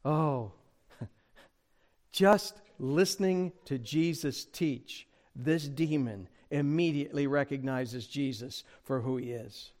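Addressing his congregation directly, a male pastor delivers an expository sermon slowly, in a darkish tone. For emphasis, his voice climbs in both pitch and volume.

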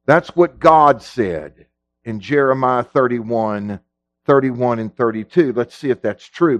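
A middle-aged male pastor preaching a sermon in a folksy way, moving between low, quiet teaching and loud shouting. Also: animated, takes it slowly, no room sound. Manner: folksy, drops into casual grammar.

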